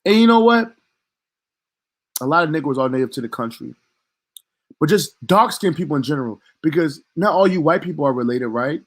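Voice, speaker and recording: A man's voice: a little high, animated, a little fast, long pauses. A man delivering a heated commentary rant as a vlogger, talking in a profane, emphatic and indignant way.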